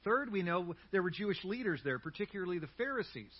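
A man preaching a sermon as pastor, telling a story in an animated way with humorous asides. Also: high voice, fast talker, slightly rough, dull audio.

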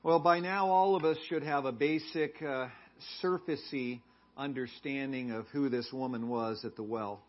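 A man's voice: medium pitch, steady tone, normal speed, lo-fi sound. A male pastor giving a sermon in a conversational way, often asking the congregation questions.

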